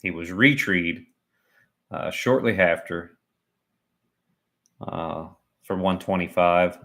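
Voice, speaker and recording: A man's voice: deep voice, slow pace, gravelly, fairly bright tone. A man doing chatty, self-mocking live commentary on a sporting event. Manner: chatty and joking, laughs at himself. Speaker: livestream commentator.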